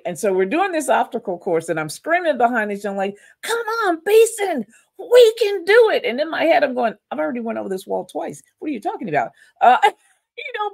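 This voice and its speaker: A middle-aged woman from Louisiana, a podcast guest telling her story and acting out the quotes. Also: medium pitch. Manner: animated storyteller, acts out quotes.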